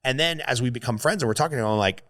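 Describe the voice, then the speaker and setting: Podcast host, male, average pitch, dry close sound, heated and emotional storytelling. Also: racing, fairly bright tone, no room sound. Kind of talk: casual podcast conversation.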